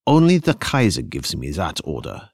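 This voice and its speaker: A proud, defiant commander , voiced by a male narrator, spits out short clipped lines in a low, gravelly-deep register. The sound is dry and close, with no room around it. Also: wildly swooping pitch, moderate pace, darkish tone, dry recording, full character voice. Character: gruff proud middle-aged male German commander.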